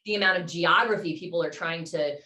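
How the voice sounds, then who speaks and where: A woman co-hosting a chat show, speaking in a measured way with restarts. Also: fairly low pitch, sharp tone, reverberant. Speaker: podcast co-host. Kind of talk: casual video-call chat.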